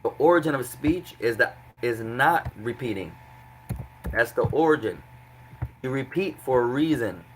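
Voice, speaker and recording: A man's voice: medium pitch, expressive, a little slow, a little hiss or hum, low-quality recording. A man teaching an Arabic grammar lesson to a class, explaining patiently and repeating examples.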